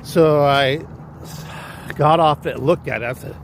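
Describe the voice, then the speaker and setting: A man's voice: fairly high pitch, a little slow, a little hiss or hum. A man with a Californian accent, talking through a casual, rambling, profane story on his livestream vlog. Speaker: livestream vlogger.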